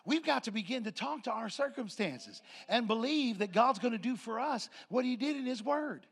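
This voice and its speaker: A pastor, a man, preaches to his church in a high, bright voice. He tells stories with lively acted-out dialogue and loud bursts of laughter. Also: moderate pace, vocal fry, husky. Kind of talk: sermon. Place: church sanctuary with congregation.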